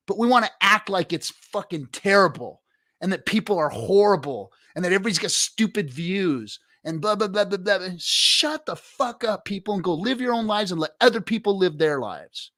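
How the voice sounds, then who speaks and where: A middle-aged man hosts a livestream and talks straight to his chat with profane, preachy motivational fervor. His voice sits somewhat high for a man and swings between loud bursts and quiet stretches. The sound is dry and close, with no room around it. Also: no echo. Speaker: livestream host. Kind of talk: casual livestream chat reading viewer comments.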